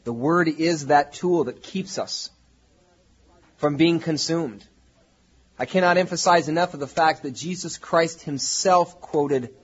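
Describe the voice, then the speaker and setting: A man's voice: a little high, slightly rough, highs cut off. A man preaching a sermon as pastor, in a conversational way that rises to emphatic peaks.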